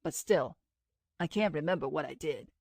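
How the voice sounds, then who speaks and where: A woman's voice: deep voice, lively intonation, moderate pace, gravelly, a little mellow, no echo, clean studio sound, pitched below the performer's own voice, full character voice. A woman reading the lines of a troubled man who speaks in an earnest, brooding way. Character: man, intense time traveler, troubled.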